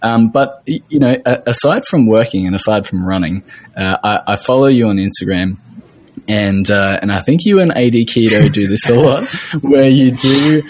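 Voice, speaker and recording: A man's voice: medium pitch, normal speed, a little mellow, a little hiss or hum. A man hosting a podcast, talking casually and encouragingly, with frequent stammered restarts. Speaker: podcast host. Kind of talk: casual interview talk.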